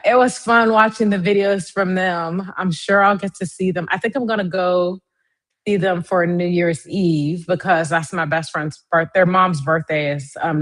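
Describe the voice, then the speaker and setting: A young adult woman hosting a casual live stream, chatting directly to her viewers in a lively way. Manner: lively, swings up high in pitch.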